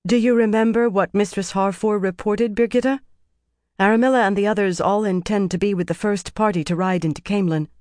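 A reader voicing a commanding young royal heir who gives brisk orders in an audiobook. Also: medium pitch, fairly even intonation, a little mellow, no room sound, studio quality, pitched above the performer's own voice, close to an everyday voice. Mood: urgent. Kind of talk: audiobook character voice.

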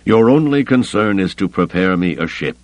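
A man voicing an unstable older male Jedi Master who speaks slowly and imperiously, in an audiobook reading. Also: deep voice, animated, dry recording, voice pushed up. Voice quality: slow, deliberate, commanding.

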